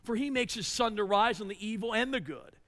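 A man in his forties preaching a sermon, telling a story with animated delivery and sudden drops to a hush. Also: high-pitched, fairly quick. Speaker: pastor.

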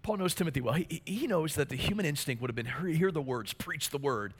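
A man's voice: on the high side, animated, quick pace, husky. A man preaching a sermon as pastor, earnest and emphatic, repeating key phrases for weight.

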